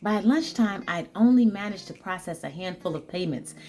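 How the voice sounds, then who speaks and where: A woman's voice: medium pitch, expressive, normal speed, warm tone, soft background music. A woman vlogger telling a work story to her viewers, chatty and repetitive, calling them guys and y'all. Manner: chatty, repeats lines for emphasis, talks to "guys" and "y'all". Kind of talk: casual storytelling to camera.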